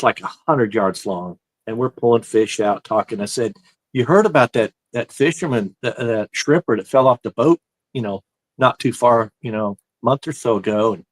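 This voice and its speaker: In a recording with no room sound, a man with a mid-range voice rambles through a lengthy prank anecdote as a show guest. His telling is animated and casual, dotted with "so anyway" asides as he circles back.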